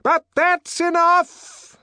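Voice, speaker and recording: A man voicing a pompous middle-aged male director in an audiobook, issuing loud, commanding, triumphant pronouncements. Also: high voice, wildly swooping pitch, slow pace, no echo, clean studio sound, voice pushed up, exaggerated voice. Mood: bellowing. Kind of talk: audiobook character voice.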